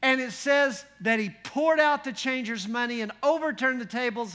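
A man preaching a sermon in a folksy, animated way, full of rhetorical questions and wry humor. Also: extremely high pitch, moderate pace, few pauses. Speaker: pastor.

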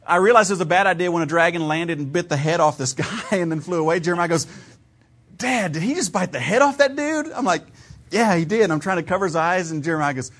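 A somewhat high, bright-toned male voice belongs to a thirty-something pastor from Ohio. His sermon unfolds as casual storytelling, emphasis moving around as he goes, and he laughs at the stories he tells.

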